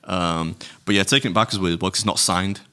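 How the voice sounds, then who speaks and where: His voice sits low with fairly even intonation and a sharp, clean tone, and he talks at a quick pace. A middle-aged podcast co-host, he rambles through anecdotes in casual chat, swearing and laughing plenty.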